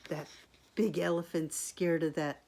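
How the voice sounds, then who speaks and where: Woman teacher, slow read-aloud storytime voice, expressive, asks kids questions. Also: fairly low pitch, creaky, noisy background. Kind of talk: picture-book read-aloud for children.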